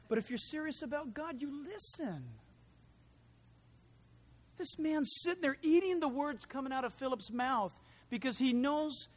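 A man preaching a sermon as pastor, animated, swinging from quiet asides to loud emphatic lines. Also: extremely high pitch.

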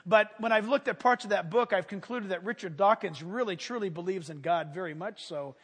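A man preaching a sermon as a pastor, telling stories with animated energy and sudden shouted commands. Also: high voice, a little fast, breathy edge. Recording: long hall reverb.

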